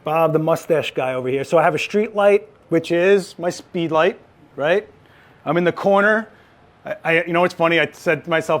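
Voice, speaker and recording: A man running a live photography lighting demo, chatty and joking, with quick asides. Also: a little high. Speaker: photography instructor.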